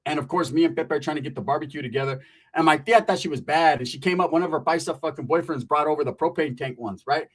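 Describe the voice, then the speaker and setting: Middle-aged guy telling a dirty comic story, slangy and swaggering, voice a bit high. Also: fast, a bit bright, husky. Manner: swaggering, slangy, swears constantly. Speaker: stand-up comedian.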